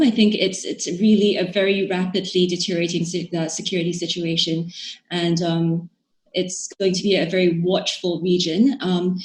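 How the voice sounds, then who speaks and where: A woman guest expert giving measured podcast interview answers, with frequent fillers and restarts. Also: lowish voice, reverberant.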